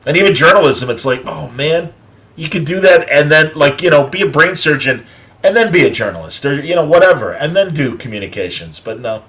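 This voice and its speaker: A man's voice: fairly high pitch, expressive, a little fast, fairly bright tone. A man in his fifties hosting a casual chat, who rambles, stammers and acts out voices in his stories. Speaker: host.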